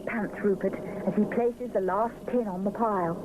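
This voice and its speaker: A woman narrating a children's storybook show in a gentle, expressive way. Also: medium pitch, normal speed. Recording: hissy 1970s TV soundtrack.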